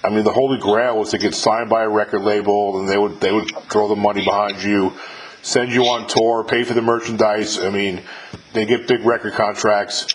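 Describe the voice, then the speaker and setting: Middle-aged male host, relaxed and profane, faint noise behind. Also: on the low side, moderate pace, low-quality recording. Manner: loose and profane, many fillers and restarts. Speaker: podcast host interviewing a musician. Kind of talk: casual chat.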